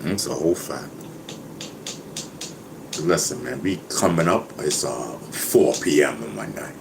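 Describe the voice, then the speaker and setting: A man's voice: a bass voice, lively intonation, measured pace, creaky, noisy background. A man talking casually to his viewers, boastful and laughing, who keeps saying "you know what I mean". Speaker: vlogger.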